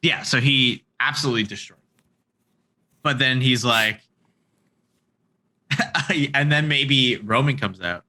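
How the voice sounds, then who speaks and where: A man's voice: medium pitch, slow, pauses often, pushed and bright. A man co-hosting a casual chat, steering the talk with hesitant, filler-heavy phrasing. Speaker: podcast co-host.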